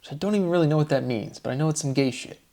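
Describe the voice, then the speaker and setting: A man giving a rambling solo monologue, posing rhetorical questions to himself and dwelling on wordplay, slowing right down as he asks them. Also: fairly high pitch, gravelly, warm tone. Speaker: solo lecturer. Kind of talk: solo spoken monologue on word theory.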